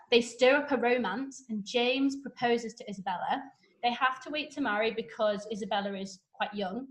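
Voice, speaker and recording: Woman, podcast guest, breezy gossipy plot recap, slightly high voice, lots of "like". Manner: chatty, animated retelling with frequent "like". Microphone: podcast microphone.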